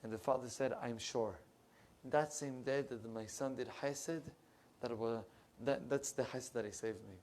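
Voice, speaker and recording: Impassioned rabbi preaching a sermon. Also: male voice, medium pitch, fairly even intonation, unhurried. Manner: impassioned, rising loud when telling stories, dropping to soft asides; searches for English words mid-sentence. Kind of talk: sermon with storytelling. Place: synagogue.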